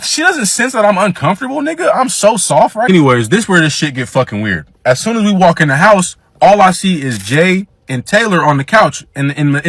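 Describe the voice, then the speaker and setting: Man, casual storyteller, somewhat high-pitched, dry close sound. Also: no room sound. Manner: profane, animated, quotes people in his own voice. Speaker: storyteller guest.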